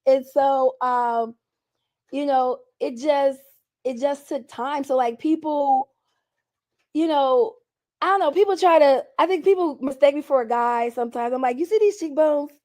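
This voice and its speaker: Her voice sits high and moves a little slowly. This young adult woman is an interview guest sharing candid stories, animated throughout, frequently laughing and performing other people's quotes.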